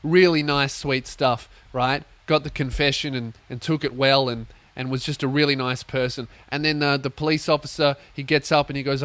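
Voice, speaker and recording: A young man hosting a comedy podcast, telling a story as a sweary, animated rant. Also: medium pitch, moderate pace, few pauses, dry recording. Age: young adult. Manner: swearing, animated, acts out voices.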